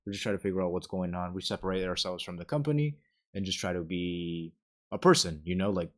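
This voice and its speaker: A man's voice: deep voice, lively intonation, fast talker. A young man chatting casually as a podcast co-host, telling rambling stories full of swearing and acted-out quotes. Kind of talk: casual chat.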